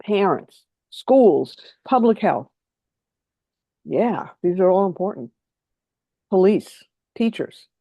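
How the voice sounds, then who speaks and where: Lively trainer over dull, dry call audio. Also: medium pitch, creaky, dry recording. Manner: lively, quick and engaging, invites answers from the audience. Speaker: trainer presenting a workshop. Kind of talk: online training presentation.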